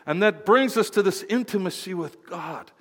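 Animated pastor preaching in a reverberant hall. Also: male voice, high-pitched, moderate pace. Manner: animated, playful, swings from quiet to loud exclamations. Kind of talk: sermon.

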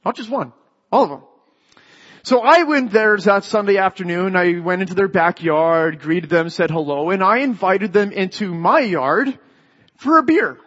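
A man's voice: sits high, moderate pace, fairly bright tone. A Canadian man giving a sermon in a church, telling a story and often restarting phrases. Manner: storytelling, repeats words when starting a phrase. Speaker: lay preacher. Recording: dull echoey hall sound.

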